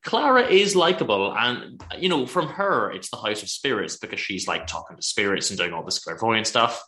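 A low-pitched man with a bright, forceful voice, chatting casually and rambling a little as he hosts a book podcast. The sound is roomy and echoey. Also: expressive, normal speed. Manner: chatty, rambling with restarts and asides. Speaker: podcast host.

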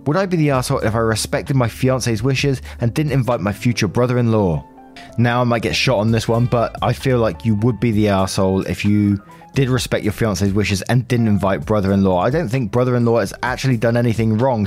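A man's voice: fairly low pitch, brisk, darkish tone, faint music behind. A man hosting a story channel, reading posts and commenters' replies aloud and adding his own dry opinions.

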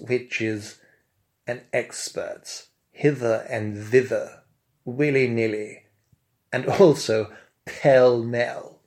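A man narrates a comic story in a pompous, mock-grand way. He speaks slowly and deliberately. His pitch sits in a middle range.

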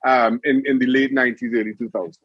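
A man's voice: mid-range voice, fast, breathy edge, dry recording, dull audio. A middle-aged man, a former goalkeeper, chatting as a guest and telling stories with laughter. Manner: animated storyteller, laughs often. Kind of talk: casual interview chat.

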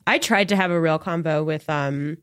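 A woman's voice: low-pitched, normal speed, dry recording, studio quality. A young woman in her twenties, co-hosting a podcast and telling a dating story through bursts of laughter. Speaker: podcast co-host. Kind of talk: casual chat.

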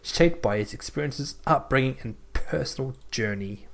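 A man's voice: mid-range voice, normal speed, creaky. A man co-hosting a podcast, reading a list aloud in a mock-formal tone during a casual chat. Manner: reads out a list in a mock-formal tone, breaks into laughter. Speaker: podcast co-host.

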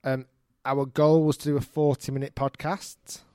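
A man's voice: medium pitch, level tone, normal speed, dark tone, no room sound, studio quality. A man hosting a golf podcast in casual chat, joking and laughing often. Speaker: podcast host.

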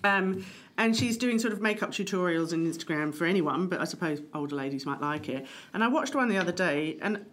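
A woman co-hosting a podcast in relaxed conversation. Her tone is wry and chatty, and she runs through lists at a brisk clip. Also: lowish voice. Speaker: podcast co-host. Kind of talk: casual chat.

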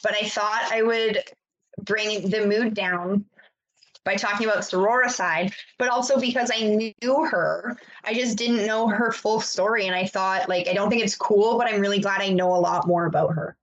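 A woman's voice: medium pitch, steady tone, moderate pace. Woman, podcast co-host, loose rambling chat, muffled lo-fi sound. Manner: laid-back, loose, with lots of fillers. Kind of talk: casual chat.

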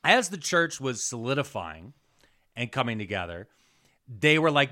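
A man explaining history on a casual podcast, his bright voice swinging up and down in pitch. He swears casually and slips into mocking voices when he quotes people. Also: big pitch swings, normal speed. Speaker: podcast co-host.

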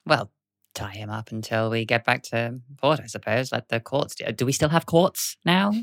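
A man with a gravelly, creaky voice playing a level-headed character in a tabletop role-play. He reasons in a dry, wry way, and his voice sounds close and dry, with no room around it. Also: medium pitch, normal speed, a bit bright, dry recording. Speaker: player.

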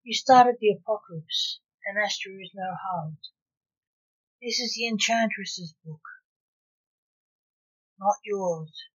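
A woman reading the part of a blunt male coroner who is a grandfather, in slow, evenly read lines. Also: mid-range voice. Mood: snappish. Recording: dull lo-fi recording.

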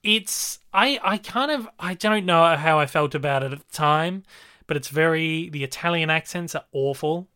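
A man chatting casually about films he has seen. His voice is bright and clear, and it sits a little high for a man. He talks with enthusiasm and rambles, full of fillers and restarts. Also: normal speed. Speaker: film reviewer co-host. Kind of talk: casual film review chat.

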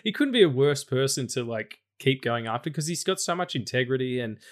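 A blunt man guesting on a podcast who swears freely and rambles through restarts. His pitch sits in an ordinary middle range. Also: lively intonation, brisk. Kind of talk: casual chat.

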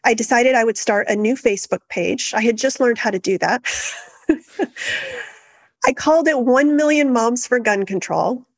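A middle-aged woman, a guest in an interview, telling her story in an earnest, steady and reflective way. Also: a little high, moderate pace, pauses often, dry recording. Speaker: guest, activist founder.

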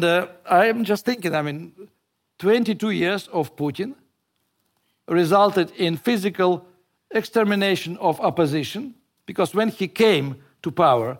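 A man from Ukraine, telling stories in an interview in a halting, reflective way. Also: sits high. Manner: halting and reflective, searching for words in a second language. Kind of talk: personal storytelling in an interview.

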